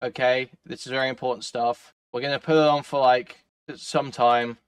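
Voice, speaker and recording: A man's voice: mid-range voice, flat delivery, moderate pace, smooth. A man doing live-stream reaction commentary, ranting and profane with a sardonic edge.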